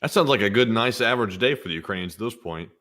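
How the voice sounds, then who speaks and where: A man with a fairly low voice trades jokes as a co-host, reacting to footage with playful asides. He talks in loose, relaxed banter. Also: fast. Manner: wisecracking, playful. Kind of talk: casual banter.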